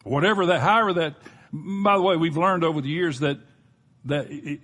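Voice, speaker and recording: A man's voice: on the high side, moderate pace, a bit bright, husky. A middle-aged man preaching a sermon as a pastor, plain-spoken and emphatic, often restarting his sentences.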